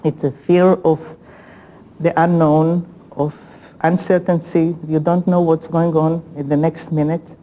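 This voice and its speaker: A woman, a former hostage, speaking haltingly and with emotion in an interview. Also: low voice, flat delivery, mellow, poor audio. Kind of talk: interview recollection.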